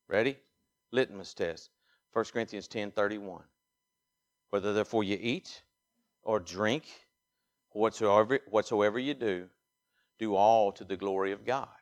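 A pastor from Mississippi with a Southern accent, preaching a sermon and swinging from quiet asides to loud, emphatic exhortation. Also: male voice, fairly low pitch. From Mississippi, USA.

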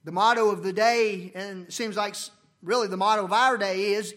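Male preacher, high-pitched, dynamic delivery with big loud-to-soft swings. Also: fairly even intonation, moderate pace. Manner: preaching with sharp swings from loud emphasis to near-murmurs. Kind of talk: sermon. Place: church.

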